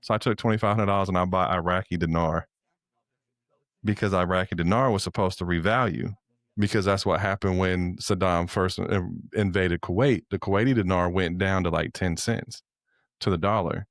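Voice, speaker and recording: A man with a deep, low-pitched voice tells a story in a relaxed podcast chat. He talks easily and chuckles now and then. The sound is dry and close to the mic. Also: normal speed, no echo. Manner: laid-back storytelling with chuckles. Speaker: podcast co-host. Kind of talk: casual chat.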